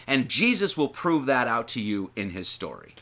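A man's voice: mid-range voice, moderate pace, slight background noise. A man giving an informal sermon, reading scripture aloud and riffing on it with slang and rhetorical questions. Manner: animated, slangy, reads verses then riffs with rhetorical questions. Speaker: lay preacher.

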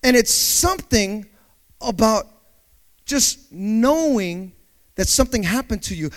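A man with a notably high-pitched voice preaches to his congregation. He swings from calm, low explanation to loud call-and-response, throwing in quick acted voices of panicked people. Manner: dynamic preaching, swinging from quiet to shouted call-outs. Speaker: pastor. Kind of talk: sermon.

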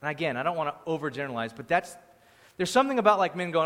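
A man preaching a sermon as the pastor, animated, acting out quoted voices, moving between loud bursts and quiet asides. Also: medium pitch, fast talker. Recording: long hall reverb.

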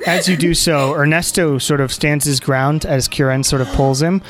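A man calmly narrating as game master of a tabletop role-playing game, with frequent restarts. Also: a little high, normal speed, crowd noise.

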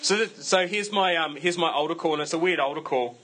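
Male pastor, slightly high and bright voice, conversational sermon, faint ambience behind. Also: brisk, slight background noise, rough recording. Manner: conversational, self-deprecating humor.

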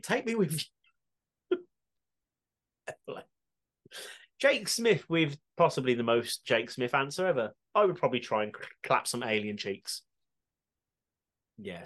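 A man's voice: fairly high pitch, very animated, measured pace, long pauses, a bit bright. A man co-hosting a podcast, bantering crudely and laughing as he reads out listener answers. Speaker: podcast co-host.

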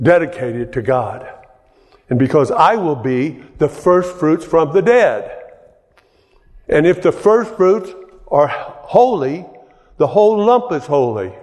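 A man's voice: medium pitch, darkish tone, big-room sound. A man preaching a sermon as pastor, conversational, often repeating and restarting his phrases.

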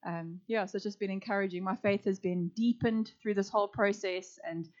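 A woman's voice: mid-range voice, fairly even intonation, a little fast, darkish tone, dull audio. A woman with a South African accent introducing herself to a church, bubbly and heartfelt. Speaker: new church staff member.

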